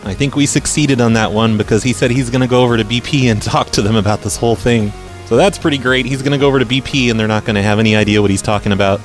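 A man hosting a prank call show, talking in a deadpan, needling way. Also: mid-range voice, rapid-fire, faint music behind. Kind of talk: casual prank call podcast.

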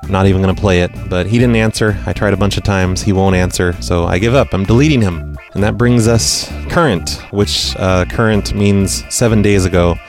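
A man's voice: low-pitched, brisk, hardly any pauses. A man hosting a prank-call podcast, talking casually with a blunt, sarcastic edge. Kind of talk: casual chat. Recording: faint music behind.

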